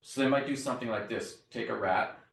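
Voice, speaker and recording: Recorded from a distance in an echoey classroom, a university lecturer walks his students through the material step by step, checking in often with "right?". His voice is mid-range, creaky and a bit bright, and he talks briskly.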